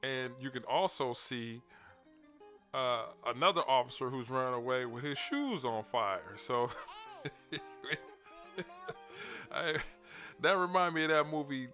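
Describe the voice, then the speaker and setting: A man with hosts a relaxed commentary video, chuckling and circling back over his words as he talks to his viewers. His voice sits in a middle pitch. Faint music plays behind him. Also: a little slow, pauses often. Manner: laid-back, laughing, repeats words, addresses viewers directly. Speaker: commentary channel host.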